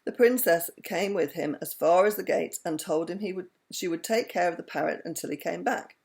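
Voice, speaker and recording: A woman giving an expressive reading of a children's story. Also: on the low side, a little fast, vocal fry, few pauses. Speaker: storybook reader.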